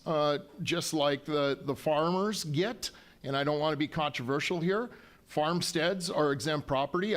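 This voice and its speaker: Folksy man at a town hall. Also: a little high. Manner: folksy, conciliatory, frequent ums and restarts. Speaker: county official at a town hall. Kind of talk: public town hall remarks.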